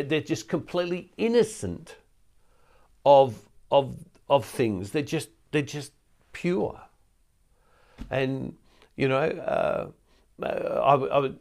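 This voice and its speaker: A man's voice: medium pitch, creaky. An older man giving a recorded teaching talk as a Catholic preacher, speaking conversationally with frequent restarts and repeated words. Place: ministry centre studio.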